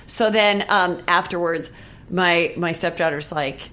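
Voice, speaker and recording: A woman's voice: lowish voice, unhurried. A woman in her forties telling a story in casual chat, acting out the people she quotes. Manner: animated storyteller, acts out quoted voices.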